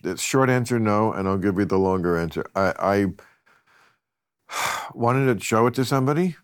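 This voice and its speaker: A man's voice: fairly low pitch, moderate pace, smooth. A man hosting a casual chat, wry, blunt and profane, often chuckling mid-sentence. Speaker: host.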